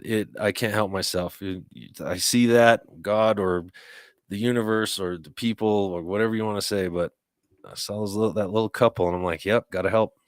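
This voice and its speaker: Male podcast host, low register, dry close sound, swears freely, rambling chat. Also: fairly even intonation, normal speed, no echo. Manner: profane, rambling storyteller. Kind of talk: casual chat.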